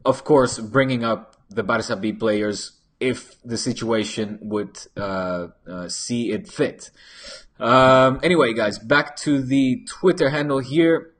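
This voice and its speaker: A man's voice: medium pitch, slow pace, fairly bright tone. A man hosting a live football channel, chatting casually, reading viewer comments and rambling with many restarts and stray Spanish phrases, into a desk microphone.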